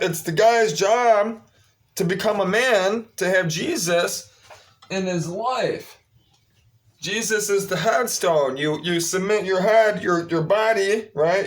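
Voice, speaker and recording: A man with a fairly high voice delivers a preachy religious talk. He speaks slowly and drawn out, often repeating his phrases to press a point home. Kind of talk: casual religious monologue.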